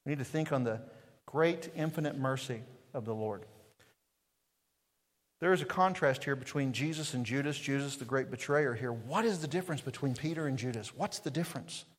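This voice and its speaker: Brisk and medium-pitched, a man's voice rings with a big-room sound as he preaches in a church sanctuary. The pastor comes from East Tennessee and speaks with a Southern Appalachian accent, keeping things conversational with frequent rhetorical questions and "right?"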